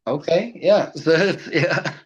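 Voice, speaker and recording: A young man from Colorado, a tribute artist impersonating a famous singer, takes his time speaking in a slightly high, husky voice while guesting on a podcast. Chatty and quick to laugh, he tells stories and acts out other people's voices, heard through a rough recording.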